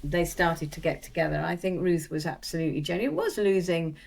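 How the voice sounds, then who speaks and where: A woman's voice: on the low side, fairly quick, gravelly, a little hiss or hum. Chatty woman guest, laughing and rambling. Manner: animated, laughing, rambling with restarts. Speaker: actress guest. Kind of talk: casual interview chat.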